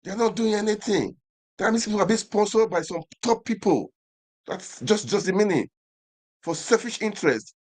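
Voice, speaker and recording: A man's voice: sits high, lively intonation, moderate pace, a little mellow. A man with a Nigerian accent hosting an online show, delivering an impassioned commentary monologue full of repeated phrases and rhetorical questions.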